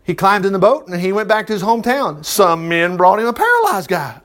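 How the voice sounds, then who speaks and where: This man is a preacher whose Bible lesson feels relaxed and homespun; he chuckles and performs the quoted characters as he reads along. His high-pitched voice swings widely in pitch, is a bit bright, and moves briskly with hardly any pauses.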